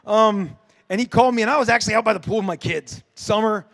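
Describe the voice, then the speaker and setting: Middle-aged man, high voice, lively fan-panel storyteller, quick jokes with the crowd. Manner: animated storytelling, joking with the audience. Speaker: comic book creator on a convention panel. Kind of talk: convention panel Q&A. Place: dark convention panel room.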